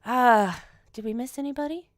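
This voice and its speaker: A woman's voice: a little high, moderate pace. A woman hosting a comedic livestream, playful and giggly, talking while out of breath. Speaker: host.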